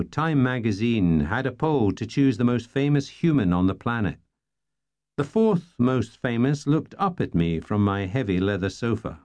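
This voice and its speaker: A man's voice: mid-range voice, sing-song, normal speed, a little mellow. A man narrating a first-person novel in a dry, wry storytelling manner. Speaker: audiobook narrator.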